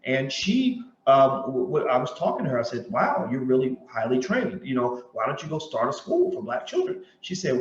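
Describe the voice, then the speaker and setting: A host delivers a commentary monologue in a very animated, high-side voice, talking fairly quickly with few pauses. He's emphatic, repeats his points and tells stories with quoted dialogue, all in roomy, dull lo-fi sound.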